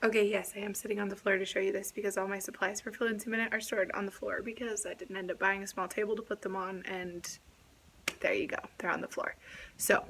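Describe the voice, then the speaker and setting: Hoarse young woman teacher, raspy half-whisper, chatty vlogger in her classroom, slight hiss behind. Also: medium pitch, little pitch movement, brisk, fairly bright tone, low-quality recording. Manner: chatty, rambling, self-correcting. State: hoarse, lost voice. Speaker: second grade teacher. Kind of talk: casual classroom vlog.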